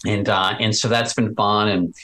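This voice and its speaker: A man talks as a guest in a casual interview. His voice sits on the low side. He is chatty and animated and often stops to restart a sentence. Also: normal speed, poor audio. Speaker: podcast host as guest.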